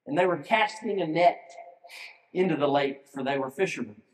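A man's voice: on the high side, moderate pace. A male pastor delivering a sermon in an earnest manner, putting direct questions to his listeners. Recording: echoey hall with long reverb.

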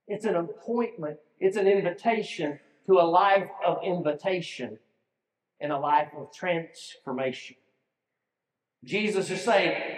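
Male pastor, high-pitched, earnest sermon delivery, reverberant church hall sound. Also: unhurried. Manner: earnest, asks the listeners direct questions. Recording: echoey hall with long reverb.

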